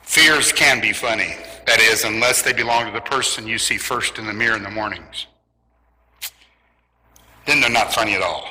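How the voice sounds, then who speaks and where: A man preaching to his congregation, easing into his message with a humorous story. His voice is strikingly bright and forward. It rings out with a long reverb through the church hall. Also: mid-range voice. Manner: light, joking storyteller. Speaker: pastor. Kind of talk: sermon with humorous stories. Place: church in Southern California.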